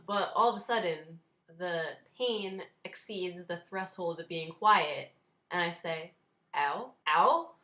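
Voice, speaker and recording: A young woman in her twenties talks straight to her viewers in a relaxed vlog. Her voice sits a little low, and her tone stays wry and self-mocking, with small laughs slipped in. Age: 20s. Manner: wry, self-deprecating, laughs while telling. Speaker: vlogger. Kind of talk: casual storytelling vlog.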